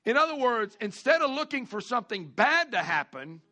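High bright-voiced preacher man. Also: big pitch swings. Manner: folksy preaching with call-outs, repeats and drawn-out emphasis. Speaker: pastor. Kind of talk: sermon.

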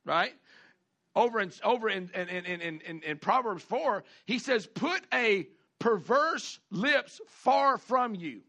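Male pastor, high bright voice, folksy sermon delivery with call-and-response. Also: expressive. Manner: folksy preaching with call-outs, repeats and drawn-out emphasis.

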